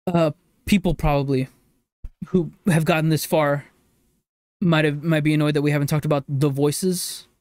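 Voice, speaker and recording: A fairly high-voiced man co-hosting a podcast who gushes with excitement and often leaps up in pitch. The sound is dry and close, with no room around it. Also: moderate pace, pauses often, dry recording. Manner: excitable, gushing, gasps and jumps up in pitch when delighted. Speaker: podcast co-host. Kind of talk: casual chat.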